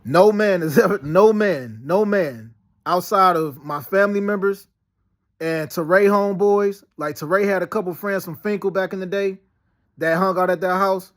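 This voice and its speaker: High-voiced man rambling through a story. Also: normal speed. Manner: meandering storytelling with many fillers and restarts; slangy, peppered with "yo" and "you know what I'm saying". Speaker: vlogger recounting dreams and past events. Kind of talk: casual rambling monologue.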